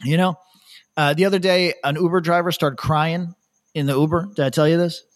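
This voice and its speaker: Podcast guy rambling thru a story, laughs a lot, slightly high voice. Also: fairly even intonation, a little fast. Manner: rambling anecdotes, laughs often. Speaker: podcast host. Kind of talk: casual chat, storytelling.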